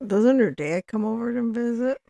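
A woman over sixty co-hosting a podcast, talking in casual chat in a calm, reasoning, gently contrarian manner. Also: fairly high pitch, moderate pace, gravelly, no echo. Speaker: podcast co-host. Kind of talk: casual movie recap chat.

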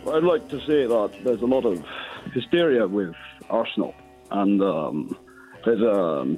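A man's voice: medium pitch, highs cut off. A man calling in to a sports radio show who talks hesitantly and modestly, with lots of ums. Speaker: caller. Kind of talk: phone-in chat.

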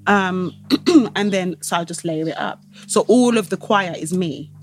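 A woman singer chatting in an interview, telling stories in a lively way and acting out what other people said. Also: lowish voice, unhurried, slight background noise. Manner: animated storytelling, laughing, acts out quoted voices. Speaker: guest singer. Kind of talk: casual interview chat.

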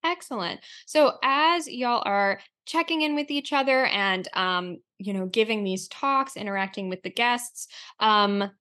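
A woman's voice: medium pitch, unhurried, bright, forceful tone. A woman running a tabletop role-play as game master, narrating with lots of fillers.

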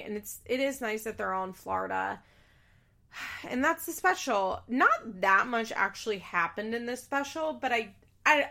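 Young woman, reality show recap, blunt, exasperated, casual swearing, mid pitch. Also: sharp tone. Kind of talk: casual opinionated commentary.

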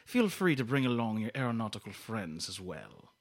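A man putting on a suave, menacing old-film villain with a lowered, drawn-out, formal delivery. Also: completely flat delivery, bright, forceful tone, husky, exaggerated voice. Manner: formal, gloating villain speech.

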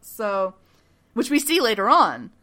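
Her voice sits on the high side at a measured pace as she recaps a TV episode on her podcast. It's casual chat, lively retelling full of performed quotes and frequent laughs.

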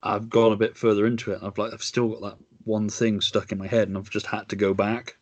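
A man's voice: lowish voice, level tone, a little fast, a little mellow, no room sound. A man chatting casually on a podcast, hesitantly searching for words. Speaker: podcast host. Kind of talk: casual chat.

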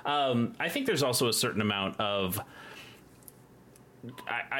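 A man's voice: lowish voice, fairly bright tone. A man co-hosting a podcast, talking casually with lots of restarts and filler words. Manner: rambling, many restarts and fillers. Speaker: podcast co-host. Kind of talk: casual chat.

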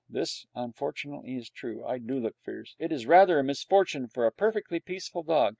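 Wry, gravelly male storyteller. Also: mid-range voice, brisk, hardly any pauses, a little mellow, no echo. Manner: wry, dry humor. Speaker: audiobook narrator. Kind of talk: storybook narration as a dog.

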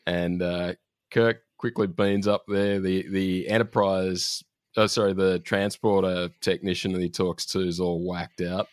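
A man's voice: low-pitched, little pitch movement, a little slow, no room sound, studio quality. A man, a podcast host, recapping an episode in casual chat, laid-back and often laughing, with ums as he trails off.

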